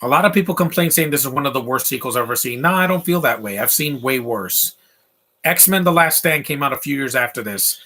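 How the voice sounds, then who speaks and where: A man's voice: medium pitch, animated, fairly quick, bright, forceful tone. A man giving casual, rambling live commentary over a movie, opinionated and full of asides and fillers. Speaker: film commentator.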